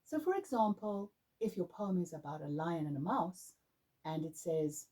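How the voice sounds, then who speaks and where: A woman's voice: lowish voice, animated, moderate pace, mellow, poor audio. A woman adjudicator giving emphatic, demonstrative coaching tips to young performers. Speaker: drama adjudicator. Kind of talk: instructional talk to performers.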